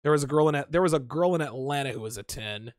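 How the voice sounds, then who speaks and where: A man's voice: a little high, fast talker, no echo, studio quality. A grown man hosting a casual livestream, reading chat comments aloud and answering them bluntly and profanely, often laughing. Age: adult.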